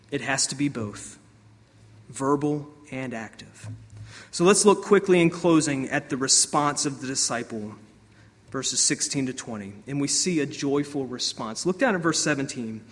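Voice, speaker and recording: A man preaching a sermon as pastor, animated, swinging between loud outbursts and soft asides. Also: medium pitch, a little slow, big-room sound.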